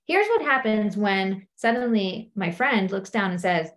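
A woman's voice: measured pace, hardly any pauses. A middle-aged woman speaking as a coach in a conversational teaching talk, often acting out what people say. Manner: conversational, acts out quotes in high animated voices.

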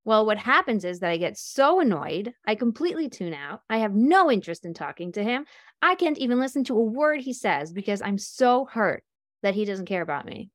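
A woman with a medium-pitched voice gives an informal talk on self-inquiry to a group, speaking fairly quickly in a dry, clean studio recording. She is animated, explaining ideas through examples and acting out little scenes with different voices.

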